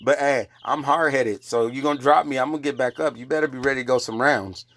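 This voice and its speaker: An online religious preacher delivers a heated, profane rant, scolding his listeners confrontationally. His intonation is fairly even and his pace quick, though he gets louder and higher when agitated.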